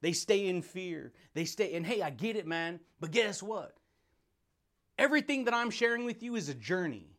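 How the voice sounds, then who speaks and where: High-pitched guy doing a motivational podcast, super hyped, keeps laughing, says dude and baby a lot. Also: animated, moderate pace, a bit bright. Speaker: podcast host.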